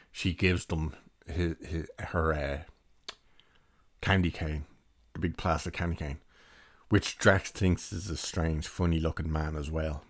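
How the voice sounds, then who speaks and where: A young man with a low, deep voice talks through a film review in a loose, rambling way and chuckles as he goes. His voice is recorded close and dry, with no room sound around it. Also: dry recording. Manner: rambling, chatty, laughs while recounting. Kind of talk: casual spoken film review.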